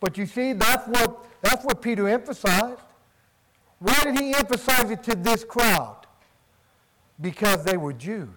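A man's voice: high-pitched, lively intonation, unhurried, bright, forceful tone, poor audio. A man preaching a sermon with emphasis, posing questions and answering them himself. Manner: emphatic, asks and answers his own questions.

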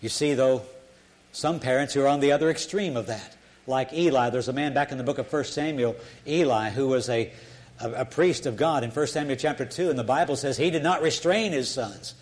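A man's voice: mid-range voice, a little fast. An older man preaching a sermon in an earnest, folksy storytelling way, often restarting his sentences.

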